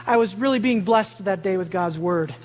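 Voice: medium pitch, moderate pace, darkish tone, long reverb tail, poor audio. A preacher giving a sermon, telling a family story and acting out the voices of the people in it.

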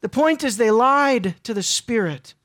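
A preacher delivering a sermon in an earnest, emotional way, repeating phrases and swinging between loud and hushed. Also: mid-range voice, expressive, a little slow.

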